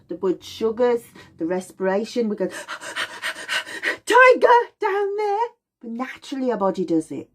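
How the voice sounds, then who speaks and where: A woman's voice: medium pitch, darkish tone, husky. A middle-aged woman teaching about aromatherapy in an informal, explanatory way, acting out little voices and sounds as she goes.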